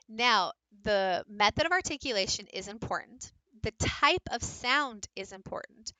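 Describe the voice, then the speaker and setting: A woman's voice: medium pitch, sharp tone, no room sound, rough recording. A woman presenting a lesson to teachers, explaining speech sounds in a practical, direct way. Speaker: teacher presenting a book study. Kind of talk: recorded lecture presentation.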